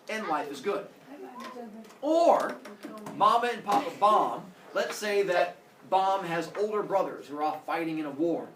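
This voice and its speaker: A male teacher telling a story to his class in an animated way, acting out characters with sound effects. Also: on the high side, noisy background. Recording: echoey classroom from far off.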